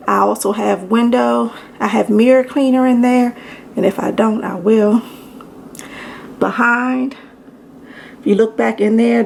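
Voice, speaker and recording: Out of breath, a home organization vlogger from Maryland chats through a kitchen tour, speaking straight to her viewers as y'all in a casual vlog. Her voice is fairly high, gravelly, and a little mellow, with a little hiss or hum behind it.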